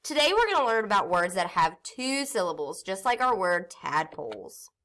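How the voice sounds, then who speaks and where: A woman teaching a phonics lesson to young children, stretching words out and sounding them slowly. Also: mid-range voice, big pitch swings, a bit bright. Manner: slow, sing-song teacher talk, stretching out words and sounds.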